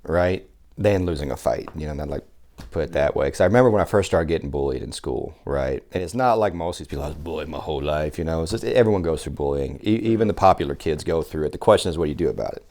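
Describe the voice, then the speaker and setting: Deep-voiced guy on a podcast, animated storyteller, swears a lot, does the voices of people in his stories. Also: fast talker. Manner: animated, swears freely, acts out quoted people. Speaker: survival instructor, podcast guest. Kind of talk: casual storytelling chat.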